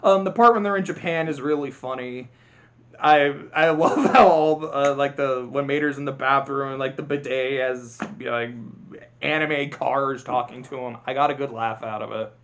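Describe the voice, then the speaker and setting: A man's voice: a little high, normal speed, a bit bright. A man giving a casual spoken review of films, rambling, cutting himself off and laughing often. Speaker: video creator. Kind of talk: casual film review monologue.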